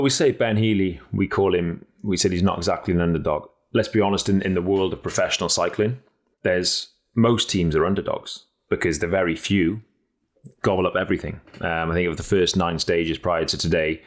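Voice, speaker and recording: A man co-hosting a cycling podcast in casual chat, blunt and energetic, swearing freely and often restarting his sentences. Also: sits low, normal speed. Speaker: podcast co-host and cycling pundit.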